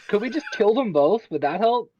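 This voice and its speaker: A woman's voice: mid-range voice, animated, moderate pace, dark tone, dull audio, a little hiss or hum. A woman playing a tabletop game who makes dry, teasing remarks. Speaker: player. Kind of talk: casual tabletop game chat.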